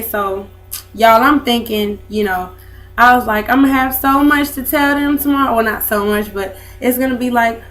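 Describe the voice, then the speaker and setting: A woman's voice: on the high side, fairly bright tone. Young woman, casual vlog chatter, rambling, faint music behind. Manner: chatty, rambling, lots of fillers. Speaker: vlogger. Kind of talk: casual chat to camera.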